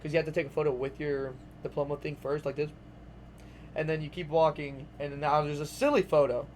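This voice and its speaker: A young man recounts a story in a loose, rambling vlog style, with a voice that sits a touch higher than most men's. He talks animatedly, leans on filler words, and swears without hesitation. Faint background noise runs underneath. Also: level tone, brisk, a little mellow. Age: young adult. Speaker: vlogger.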